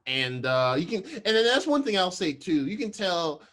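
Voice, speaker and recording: Higher-voiced man in casual podcast chat. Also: big pitch swings, a bit bright. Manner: rambling, acts out scenes in quick voices. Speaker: podcast co-host.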